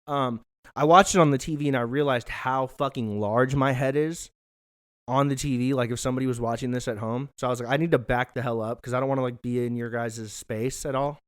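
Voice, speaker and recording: Young man, casual home vlog chat, swears a lot, self-mocking, smooth clear voice, mid pitch. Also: fairly even intonation, fairly quick. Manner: loose, profane, self-mocking rambling. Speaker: podcast host. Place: hot living room at home.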